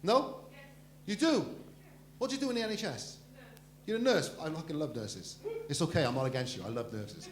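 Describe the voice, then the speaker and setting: A man's voice: fairly high pitch, lively intonation, fairly quick, long pauses, slight background noise. A middle-aged man hosting a stand-up comedy night, joking crudely and bantering with the crowd. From Wales. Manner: cheeky, crude banter with the audience. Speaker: comedy host. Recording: echoey room.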